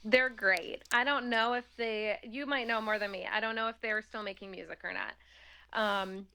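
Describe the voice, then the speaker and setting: A woman's voice: medium pitch, fairly even intonation, normal speed, bright, forceful tone, clean tone. A woman talking casually as an interview guest, chatty and laughing often, with many fillers.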